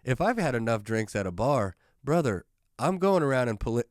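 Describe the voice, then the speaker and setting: A male podcast host telling casual, jokey stories in a loose, profane, animated way, close to the microphone. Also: medium pitch, a little fast, dry recording. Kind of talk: casual storytelling chat.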